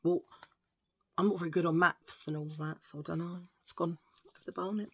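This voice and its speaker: A woman's voice: fairly low pitch, fairly even intonation, brisk, no echo. Chatty woman, close dry sound. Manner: chatty and playful, drops to a hushed aside. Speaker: vlogger. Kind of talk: casual chat to camera.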